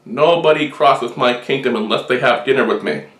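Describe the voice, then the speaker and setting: A man's voice: mid-range voice, normal speed, a bit bright, lightly acted. A man voicing a huge giant who is friendly and hospitable. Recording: roomy echo.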